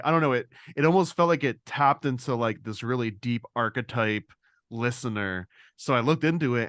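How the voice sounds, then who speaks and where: An animated podcast co-host talks quickly in a casual discussion, acting out quotes by jumping up in pitch. His voice is recorded close and dry, with no room sound.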